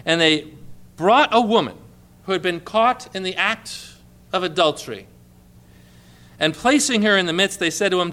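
A man preaching a sermon, emphatic, repeating key phrases and dropping to a hush for quoted lines. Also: sits high, lively intonation, normal speed, pauses often.

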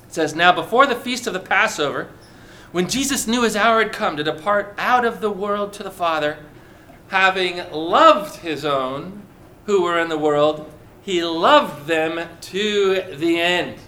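Bright high-voiced preacher man. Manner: animated preaching, slows on key words, speaks to congregation. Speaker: pastor. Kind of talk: sermon.

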